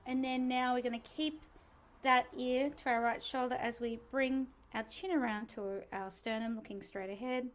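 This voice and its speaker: A female singing teacher leads a relaxed vocal warm-up, chatty and encouraging, tossing in self-mocking asides. Her voice is on the high side and she speaks at a moderate pace.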